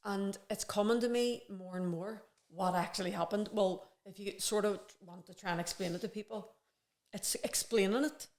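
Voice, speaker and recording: A woman's voice: mid-range voice, normal speed, darkish tone. Woman, casual conversation, earnest, reflective, rambling. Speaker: podcast guest.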